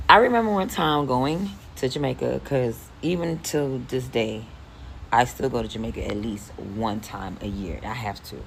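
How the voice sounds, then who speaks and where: Woman, forties, very low pitch, casual profane storytime, animated, faint background noise. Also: gravelly, rough recording. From Philadelphia, US. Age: 40s.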